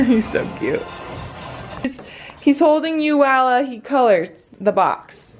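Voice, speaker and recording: A young woman vlogging with her family, excitable and quick to laugh and squeal. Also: sits high, soft background music, rough recording. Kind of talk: excited family vlog chat.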